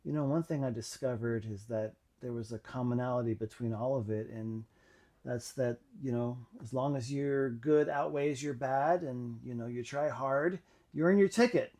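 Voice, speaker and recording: A man telling his own faith story in a reflective, halting way, with many pauses and fillers. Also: mid-range voice, mellow. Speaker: channel host. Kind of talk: personal testimony monologue.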